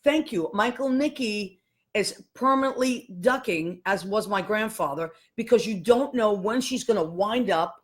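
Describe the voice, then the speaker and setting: A woman's voice: mid-range voice, animated, moderate pace. A woman hosting a live show solo, chatting casually and greeting listeners one by one by name. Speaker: host.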